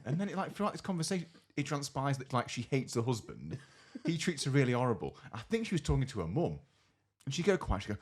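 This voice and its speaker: A man's voice: medium pitch, very animated, fast, slightly rough. A man co-hosting a podcast, telling rambling, amused stories in casual chat. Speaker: podcast co-host.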